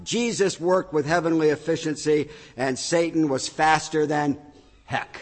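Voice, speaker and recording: A middle-aged male pastor preaching a sermon, reading scripture and telling a joke with animated, acted-out storytelling. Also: a little high, unhurried. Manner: animated storytelling, acting out shouts. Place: church sanctuary. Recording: long reverb of a large hall.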